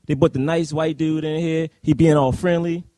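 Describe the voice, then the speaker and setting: A man co-hosting a live podcast discussion of a film, talking in an animated, rambling way with many fillers and laughs. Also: fairly high pitch, moderate pace, dry recording. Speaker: podcast co-host. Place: live event at a university.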